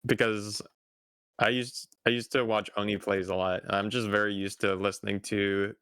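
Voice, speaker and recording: A young man chatting casually on a stream, easygoing and quick to laugh. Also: lowish voice, level tone, fairly bright tone, smooth, no room sound. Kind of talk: casual chat.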